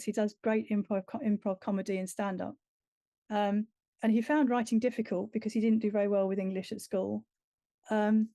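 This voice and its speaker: A woman's voice: mid-range voice, dark tone, no room sound. A woman writer giving an earnest, reflective workshop talk about teaching creative writing.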